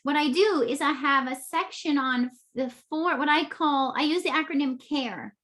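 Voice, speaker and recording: A woman guest on a health podcast, briskly explaining her approach in steps. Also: sits high, fairly bright tone. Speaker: guest author and naturopathic doctor. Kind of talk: explanatory interview talk.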